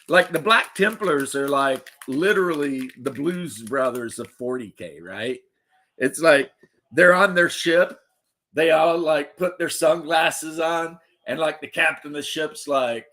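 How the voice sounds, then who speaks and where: A man's voice: fairly high pitch, measured pace, pushed and bright. A man from the United States hosting a livestream, rambling casually with jokes and swearing. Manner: rambling, profane, joking. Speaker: livestream host. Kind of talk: casual chat.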